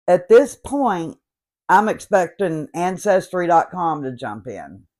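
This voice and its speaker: In a fairly low, sing-song voice with a darkish tone, a woman in her late fifties slowly works through a comedic rant. Her storytelling is sarcastic and exasperated, and she has a noticeable regional accent.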